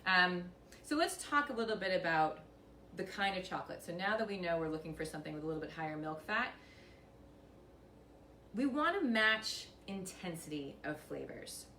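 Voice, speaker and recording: A woman walks viewers through a wine tasting in a chatty, upbeat way, with a few jokes at her own expense. Her voice sits somewhat low. The camera mic catches her from a distance in a roomy, echoing tasting room. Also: big pitch swings, normal speed, sharp tone, slight background noise. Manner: chatty and upbeat, with light self-mocking humor. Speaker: winery host giving a tasting lesson. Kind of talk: casual instructional demonstration. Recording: echoey room, voice picked up from a distance.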